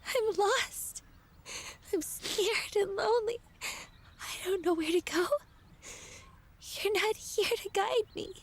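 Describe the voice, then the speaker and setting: Very high, slow tearful young florist. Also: female voice, heavily acted. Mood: grieving, tearful. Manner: tearful, pleading. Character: young woman florist grieving her grandfather. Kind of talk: video game voice acting.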